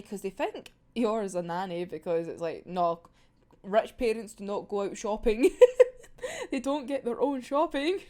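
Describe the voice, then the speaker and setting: A woman's voice: fairly high pitch, lively intonation, a little slow, a little mellow. A young Scottish woman chatting casually as a manga reviewer, giggling often, swearing freely and acting out characters' lines. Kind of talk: casual chat.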